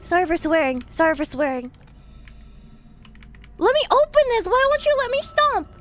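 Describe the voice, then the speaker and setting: Frantic, high-pitched woman streamer. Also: very animated, normal speed. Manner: panicky, yelps and nervous laughter, frantic repeats. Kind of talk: live horror gameplay commentary. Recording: loud game music and effects behind the voice.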